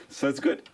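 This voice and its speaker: A rabbi gives an informal Torah class. He repeats phrases for emphasis and poses questions only to answer them himself.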